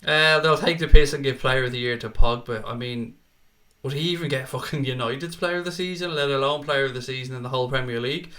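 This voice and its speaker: A man's voice: medium pitch, steady tone, fast talker, bright, forceful tone. A young man hosts a casual football live stream, reading out viewer comments and calling people mate and pal.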